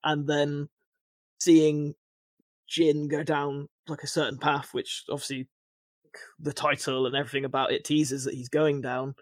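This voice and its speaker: A man's voice: a little high, level tone, a little slow, no echo. A man co-hosting a podcast, chatting casually and rambling, with frequent restarts and filler words. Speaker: podcast co-host.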